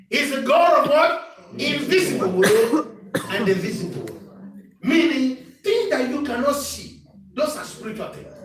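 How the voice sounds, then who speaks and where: A man preaching a sermon as bishop, calling for responses from the congregation and rising to shouts. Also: extremely high pitch. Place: church hall. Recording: echoey church sound from far off.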